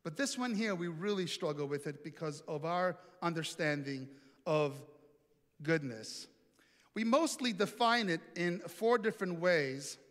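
High-voiced preacher in a reverberant hall. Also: male voice, expressive, unhurried, fairly bright tone. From Italy. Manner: storytelling, playful, asks the audience questions. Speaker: pastor. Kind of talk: sermon. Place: large hall with an audience.

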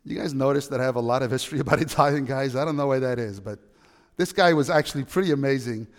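A man preaching a sermon, telling a story with animated, emphatic peaks. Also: medium pitch, fast, long reverb tail. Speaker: pastor.

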